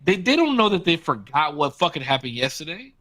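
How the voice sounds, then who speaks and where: A man's voice: fairly high pitch, very animated, brisk, bright, forceful tone, no echo. A man co-hosting a podcast in casual chat, blunt and profane, talking with emphasis. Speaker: podcast co-host.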